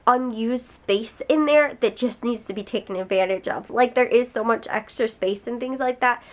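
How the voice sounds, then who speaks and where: A woman's voice: a little high, moderate pace. A young woman vlogging casually to her viewers, rambling with lots of fillers, her nose stuffy from a cold. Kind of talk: casual vlog chat to camera.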